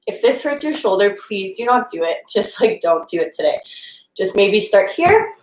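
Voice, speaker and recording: A young woman guides a live-streamed yoga class while moving along with it, her mid-pitched voice casual and encouraging. She sounds a little out of breath at times. The room around her is noticeably echoey. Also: lively intonation, moderate pace. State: slightly out of breath. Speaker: yoga instructor.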